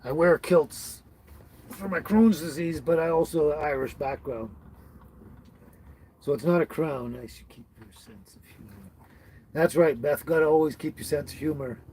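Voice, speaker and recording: A man from British Columbia, Canada hosts a laid-back livestream at home, greeting viewers by name as he goes through comments, often chuckling and mangling names. His voice is a little high and warm-toned, and there's a little hiss or hum.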